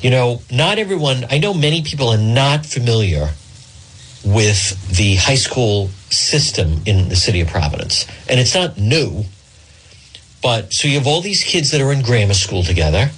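A middle-aged man from Rhode Island holds forth on talk radio, his voice slightly husky as he wanders from one tangent to the next. His pitch rises and falls in a lively way as he tells a story. He drifts off the point and keeps circling back to it. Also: normal speed, poor audio. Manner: rambling, digressive storyteller. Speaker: radio talk show host.

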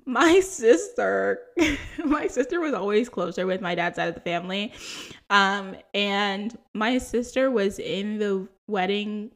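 Speaking slowly in a medium pitch, a woman in her twenties hosts a podcast of casual personal stories. She's chatty and laughs often, with plenty of "likes" and "ums."

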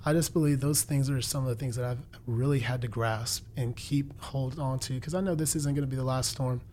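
A mellow, medium-pitched male voice, fairly quick and fairly even in intonation, belongs to a guest in his twenties sharing a faith testimony in conversation. He's earnest and preacherly, repeating phrases for emphasis, against slight background noise.

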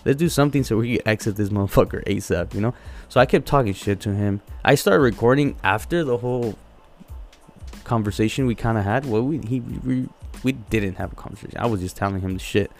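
A man on a podcast telling a heated story, swearing constantly and repeating words as he goes. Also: mid-range voice. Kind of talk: casual profane storytelling.

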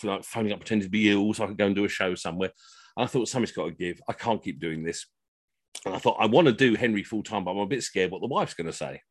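A man's voice: lowish voice, no room sound. Chatty, self-mocking middle-aged man. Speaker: costumed history entertainer. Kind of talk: comic storytelling on a video call. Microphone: video call.

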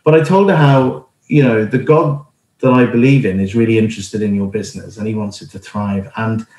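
A man's voice: on the low side, fairly quick, darkish tone. A middle-aged man giving an informal sermon, telling a personal story in an earnest, conversational way with many fillers and restarts. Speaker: church planter and speaker. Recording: roomy echo.

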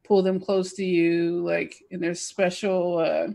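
A young adult woman co-hosting a podcast, chatting casually and animatedly with quick bursts of talk and frequent laughs. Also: fairly low pitch, flat delivery, vocal fry, mellow. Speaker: podcast co-host. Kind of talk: casual chat.

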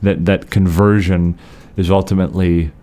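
A man co-hosting a podcast, explaining theology in a measured, conversational way with frequent restarts. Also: sits low, level tone, dark tone.

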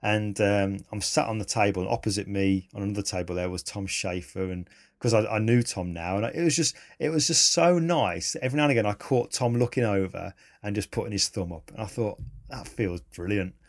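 A man, a photographer telling animated, enthusiastic stories in a casual interview. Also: fairly low pitch, brisk. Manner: animated, enthusiastic, laughs mid-story.

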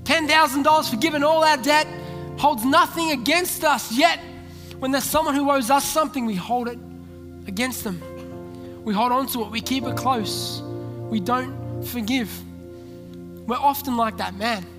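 A man's voice: very high voice, moderate pace. A man preaching a sermon as pastor, telling a story and acting out its characters' lines. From Australia. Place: large church hall. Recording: long hall reverb with music behind. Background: soft background music.

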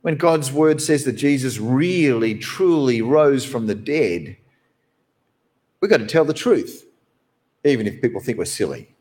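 A man who is a pastor, preaching a sermon from behind the pulpit in an animated, conversational way. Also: measured pace. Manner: animated, conversational preaching with wide swings in pitch.

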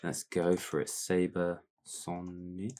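A man co-hosts a podcast in a laid-back, rambling casual chat full of fillers. His voice is low with lively intonation at a moderate pace, over slight background noise.

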